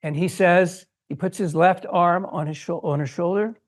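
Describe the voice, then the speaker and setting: A man's voice: high-pitched, normal speed. An older man giving an academic lecture to an audience, telling a story and acting out the voices he quotes. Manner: animated, acts out quoted voices. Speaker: guest lecturer. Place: lecture hall.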